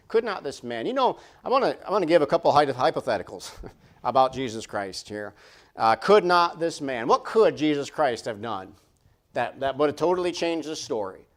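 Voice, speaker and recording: A man's voice: medium pitch, animated, a little fast. A man preaching a sermon in a church, conversational and repetitive, full of rhetorical questions. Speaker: pastor. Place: church sanctuary.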